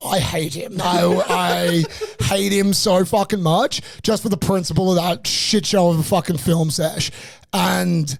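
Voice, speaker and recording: A man's voice: high voice, measured pace, creaky. A young man, ranting through a funny story on a casual podcast, swearing constantly. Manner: animated, profane ranting storyteller. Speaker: podcast co-host.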